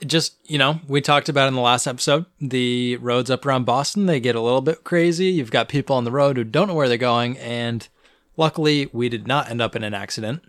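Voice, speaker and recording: A man's voice: medium pitch, fairly quick, no room sound. Young guy cohosting a podcast, chatty storytelling, stumbles and restarts a lot, dry close mic. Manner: animated, restarts often. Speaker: podcast co-host. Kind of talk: casual storytelling chat. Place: Boston area.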